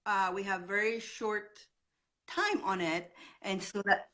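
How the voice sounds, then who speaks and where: A woman hosting a live spiritual advice stream, chatting in a warm, giggly, agreeable way. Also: mid-range voice, fairly even intonation, takes it slowly. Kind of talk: casual live-stream chat.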